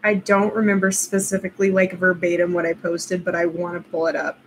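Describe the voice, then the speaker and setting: A woman's voice: lowish voice, monotone, a little fast, a little hiss or hum, poor audio. A young woman vlogger casually telling a personal story, rambling with lots of fillers and laughing at herself.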